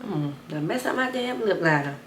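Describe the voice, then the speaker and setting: A young woman telling a wild personal story to camera, animated and chatty, talking straight to her viewers. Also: normal speed, roomy sound, slight background noise. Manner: animated, addresses viewers as y'all, bursts of high excited retelling. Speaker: storytime vlogger.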